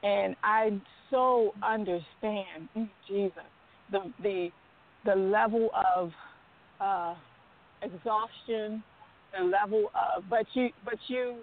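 Woman caller, gravelly voice, hesitant and slow, tinny phone audio. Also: medium pitch, steady tone. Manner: slow, hesitant, many filler sounds. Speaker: caller on a prayer line. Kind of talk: sharing her story on a phone prayer line.

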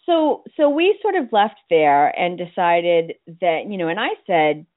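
Woman radio host, animated storyteller, lively swoops in pitch, tinny phone sound. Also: measured pace. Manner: animated storyteller, acts out quoted lines. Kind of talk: casual chat.

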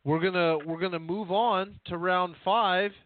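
A man's voice: high voice, fairly even intonation, unhurried, no echo. A man co-hosting a talk show, chiming in briefly and moving the show along. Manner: brief, agreeing interjections. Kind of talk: casual radio show talk. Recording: tinny phone line.

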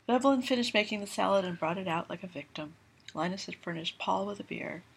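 A woman reading a novel aloud, with steady, even narration. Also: medium pitch, fairly quick, breathy edge. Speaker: reader.

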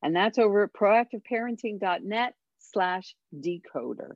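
A woman's voice: mid-range voice, expressive, moderate pace, dry recording, highs cut off. A woman parenting coach giving earnest, encouraging advice as a guest on a radio interview. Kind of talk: radio interview over a call line.

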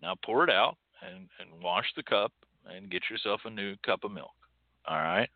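A man's voice: fairly low pitch, big pitch swings, moderate pace, creaky, no echo. Emphatic Texan man over a tinny line. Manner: emphatic, scolding, with mocking quoted voices. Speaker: podcast host. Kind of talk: opinionated monologue.

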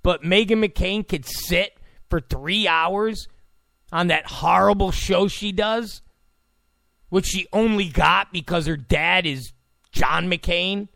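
A man's voice: high-pitched, slow pace, creaky, sharp tone, no echo. A man hosting a talk radio show, ranting in a sarcastic, mocking, abrasive tone.

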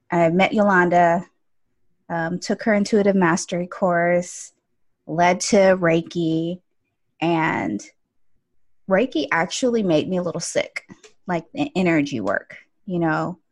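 Speaking slowly with frequent pauses and no echo, this woman has a fairly low voice. She works as an esthetician and energy healer and tells stories in a chatty, casual way, leaning heavily on fillers such as "like" and "you know."

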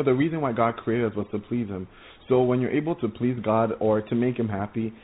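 A male preacher giving an earnest testimony sermon, often stumbling and repeating words as he tells of his vision. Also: medium pitch. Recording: tinny phone-like audio.

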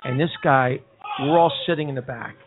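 A man's voice: mid-range voice, normal speed, background noise. A man hosting a casual talk show from a pub, animatedly telling stories and acting out other people's lines. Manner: animated storyteller, acts out quotes. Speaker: host. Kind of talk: casual bar radio chat. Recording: tinny phone-like radio broadcast.

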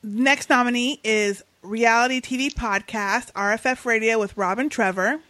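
A woman co-hosting a podcast in casual chat, playfully announcing award winners with drawn-out drumroll pauses. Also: on the high side, sharp tone. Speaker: podcast co-host.

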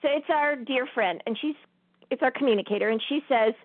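A woman's voice: high-pitched, fairly quick, dry recording. A woman hosting a spiritual talk show, telling a story in a casual way and laughing often as she talks. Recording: tinny phone-line sound.

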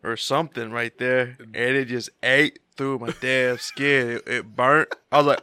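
Bright, profane podcast co-host man. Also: mid-range voice, fairly even intonation, unhurried, hardly any pauses, smooth, no echo. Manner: laid-back, profane banter. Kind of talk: casual chat.

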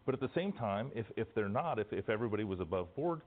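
A man answering questions in a news interview, measured but often restarting his phrases. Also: fairly low pitch, very animated. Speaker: interview guest, former official. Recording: thin phone-like broadcast clip.

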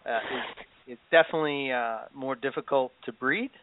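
A man's voice: medium pitch, brisk, dry recording. A man hosting a podcast in casual chat, hesitant with many fillers and easy laughter. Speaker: podcast host. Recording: dry, tinny phone-like audio.

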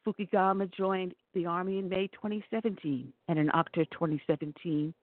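Radio host reading news stories out loud, trips on names now and then, thin phone-ish dry sound. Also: mid-range voice, a little fast, dry recording, narrow, tinny audio. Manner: steady read-aloud delivery with occasional stumbles on names. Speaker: radio talk show host. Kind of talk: reading news articles aloud on air.

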